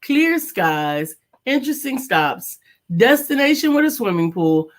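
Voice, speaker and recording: A woman's voice: fairly high pitch, big pitch swings, measured pace. Playful woman host teasing on a live show. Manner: playful and teasing, laughs easily. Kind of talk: casual live-show chat reading viewer comments.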